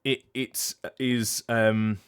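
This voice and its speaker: A man's voice: mid-range voice, level tone, drawn-out words, clean tone. A voice actor talking casually on his livestream, thinking aloud and restarting his sentences as he explains. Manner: thoughtful, explaining at length with frequent restarts. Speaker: voice actor and streamer.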